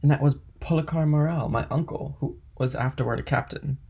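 A man's voice: fairly high pitch, brisk, vocal fry, warm tone, breathy edge, pitched above the performer's own voice. A man reading a kindly older ship owner. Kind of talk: audiobook reading.

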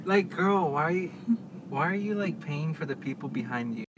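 A man co-hosting a casual chat podcast, telling stories with sass and drama. His damaged mic adds a clear layer of hiss under his voice. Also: fairly high pitch, animated, moderate pace. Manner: sassy, dramatic storyteller. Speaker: podcast co-host. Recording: noisy corrupted mic.

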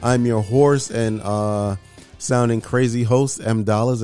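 A man hosting a casual podcast, hoarse from a cold, with a voice that keeps cracking and a loose, joking manner. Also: mid-range voice, fairly even intonation, slow pace, warm tone, no echo, faint music behind. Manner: voice cracks upward unpredictably. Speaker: podcast host.

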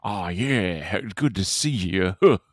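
Lower-voiced guy cohosting a movie podcast, jokey and rambly, dry mic sound. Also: expressive, a little slow, no room sound. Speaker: podcast co-host. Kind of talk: casual movie podcast chat.

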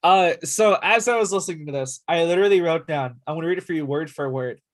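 A man's voice: on the high side, quick pace. A man co-hosting a music podcast, chatting casually in a teasing, playful way. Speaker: podcast co-host. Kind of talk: casual chat about music.

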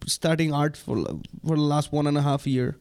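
A man's voice: fairly high pitch, fairly even intonation, moderate pace, a little mellow, smooth. A man with a South Asian English accent, talking hesitantly in casual podcast chat. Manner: hesitant, many restarts. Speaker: podcast co-host.

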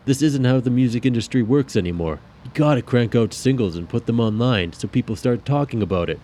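A man's voice: mid-range voice, lively intonation, a little fast, dark tone, slight background noise, voice pushed up, close to an everyday voice. A man voicing a stressed young drummer who rants irritably about his band. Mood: grumbling. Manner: irritable, ranting.

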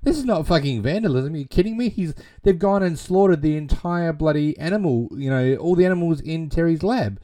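A man's voice: animated, a little fast, hardly any pauses, close to an everyday voice. A man voicing an outraged male teacher who swears as he raises his voice well above his own. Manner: shouting outrage with swearing, voice pushed much higher.

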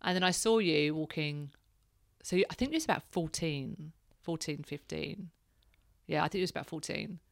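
A woman's voice: deep voice, moderate pace, creaky, no echo, studio quality. A woman in her thirties, hosting a casual chat and telling candid stories, laughing now and then. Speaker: podcast host, mother.

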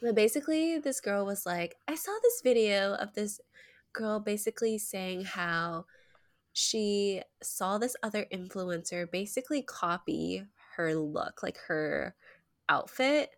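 A woman's voice: mid-range voice, a little slow, no echo, clean studio sound. Woman with a nasal cold, chatty. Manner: laughs often, chatty and joking. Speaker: podcast co-host. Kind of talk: casual chat.

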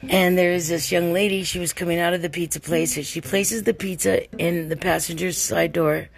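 A woman's voice: lowish voice, steady tone, normal speed, gravelly. An older woman hosting a casual podcast monologue, telling a rambling, chatty story while tired and worn out. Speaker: podcast host.

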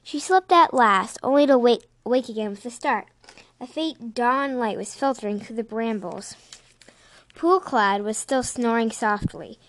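A woman reading an animal storybook aloud in a lively, expressive way. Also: on the high side. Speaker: reader.

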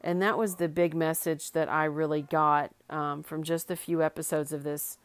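A middle-aged woman with a low voice talks in an easygoing way, circling back and restarting her thoughts with many fillers. The recording is dry and close, with no room around her voice. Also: flat delivery, moderate pace, no echo. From Arkansas, US South. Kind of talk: casual heartfelt monologue.

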